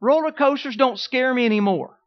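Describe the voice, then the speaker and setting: A middle-aged man preaching a sermon in a high voice, telling stories and asking the room for amens. The recording is dull and muffled. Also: brisk. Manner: storytelling preacher, calls out "Amen?" to the congregation. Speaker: pastor.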